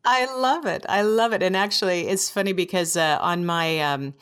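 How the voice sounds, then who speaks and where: A woman from the United States hosts a business podcast in a bubbly, enthusiastic way, laughing easily. Her voice sits a little low for a woman. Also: moderate pace, fairly bright tone, smooth. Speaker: podcast host. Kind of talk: casual interview chat.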